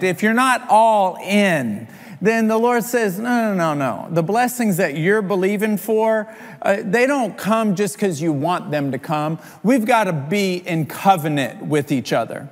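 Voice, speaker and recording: A man preaching a sermon as a pastor, telling a story in an animated way and acting out the quoted figures. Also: high voice. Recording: long hall reverb.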